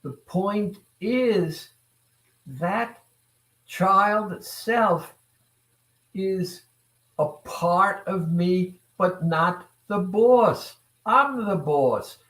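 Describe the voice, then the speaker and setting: A man giving a motivational talk to viewers, speaking deliberately and repeating phrases, often putting questions to the audience. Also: sits high, animated, a bit bright. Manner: deliberate, repetitive, asks the audience rhetorical questions. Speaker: self-improvement speaker. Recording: roomy echo.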